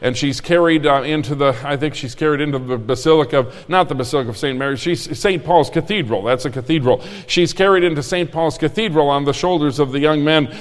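A man's voice: a little high, fast, hardly any pauses, in a large hall. A man preaching a sermon as pastor, telling a story in a frank, emphatic way.

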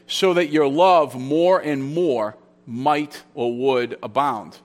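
A man's voice: fairly high pitch, fairly bright tone. A man preaching an expository sermon, explaining Greek grammar and telling a story in a conversational, teaching way, often repeating phrases. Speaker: pastor.

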